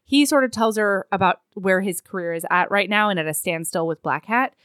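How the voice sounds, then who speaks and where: A woman's voice: medium pitch, brisk, no room sound, clean studio sound. A woman co-hosting a casual chat, retelling a story and acting out the characters' lines. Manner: animated storyteller who acts out characters' lines. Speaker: podcast co-host recapping a romance novel. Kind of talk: casual chat, retelling scenes with quoted voices.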